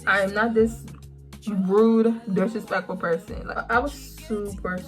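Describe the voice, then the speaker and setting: A young woman vlogs a storytime straight to camera in a mid-range voice. She stresses and stretches her words for emphasis, keeping the telling lively and personal. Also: medium pitch, soft background music. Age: young adult. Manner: animated, emphatic, drawn-out words. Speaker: vlogger. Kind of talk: storytime vlog.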